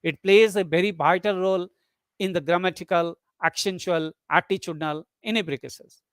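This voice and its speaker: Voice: mid-range voice, brisk, no echo. A lecturer giving a methodical webinar lecture, restating each point and speaking example sentences aloud to demonstrate them. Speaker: lecturer on English intonation.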